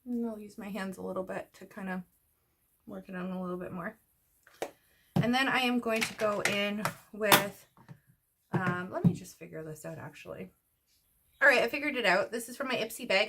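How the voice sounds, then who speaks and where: A woman's voice: mid-range voice, normal speed, bright, forceful tone, slight background noise. Woman chatting thru her makeup routine, kinda breathless, easygoing ramble. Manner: chatty, rambling, talks while doing makeup. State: slightly out of breath. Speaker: beauty vlogger. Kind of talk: casual get-ready-with-me chat.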